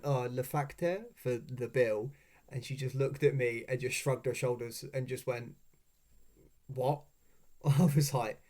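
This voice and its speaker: Man, young adult, casual storytelling voice-over, swears freely, laughs along, medium pitch. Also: darkish tone. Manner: swears freely, chatty, laughs at own stories. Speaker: vlogger.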